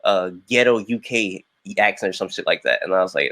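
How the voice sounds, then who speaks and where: A young man from Florida hosting a podcast interview, chatty and slangy, with quick bursts and lots of filler. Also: low voice, sing-song, gravelly, a bit bright. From Jacksonville, Florida. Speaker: podcast host. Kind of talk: casual interview chat.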